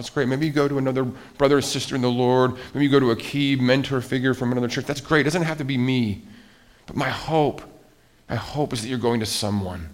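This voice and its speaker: A male pastor preaching a sermon in an animated way, rising to emphatic outbursts and dropping back down. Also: on the low side.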